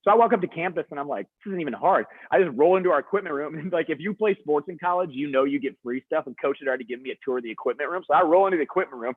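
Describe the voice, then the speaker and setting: Brief: young male motivational speaker, quick and chatty, fillers galore, husky over a dry tinny call line. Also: on the high side, no echo. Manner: energetic, chatty, lots of "like". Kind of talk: storytelling talk to students. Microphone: video call. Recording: dry, husky, phone-like video call audio.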